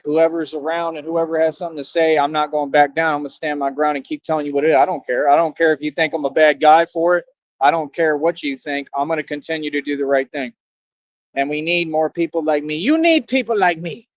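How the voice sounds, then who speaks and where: A man's voice: fairly high pitch, flat delivery, fast, no room sound, muffled recording. A man live streaming, talking in an emphatic, repetitive, slangy ramble.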